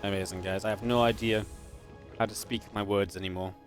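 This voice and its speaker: A man from Northern England with a mild Geordie accent, casting an esports match with chatty, laid-back talk between plays and quick, lively calls during fights. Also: fairly low pitch, faint music behind. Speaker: esports caster. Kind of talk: live game commentary with casual chat.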